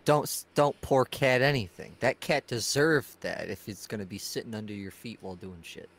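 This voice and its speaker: Give me a low-voiced man in casual stream chat, joking and restarting his words. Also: expressive, normal speed, a bit bright. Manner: laughs often, repeats words, joking. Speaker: stream co-host.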